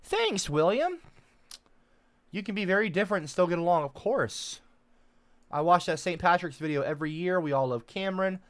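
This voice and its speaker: A man chatting casually as a streamer reading out his chat, lively and rambling, quick to get defensive. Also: sits high, dry recording.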